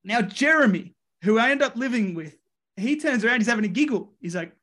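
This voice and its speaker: An Australian man, a wrestling coach, telling stories in a lively way and voicing the people in them. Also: high voice, quick pace. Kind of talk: animated storytelling.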